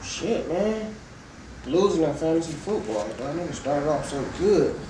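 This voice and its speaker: A man's voice: a little high, animated, unhurried, background noise. A man co-hosting a podcast, a laid-back casual sports chat where he argues his points. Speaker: podcast co-host. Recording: echoey room, distant from mic.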